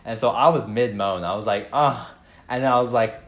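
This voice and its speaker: A man's voice: lowish voice, steady tone, fairly quick, reverberant. A young man co-hosting a podcast, chatting casually in a crude, joking way with mumbled asides. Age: young adult. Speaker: podcast co-host. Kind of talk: casual chat.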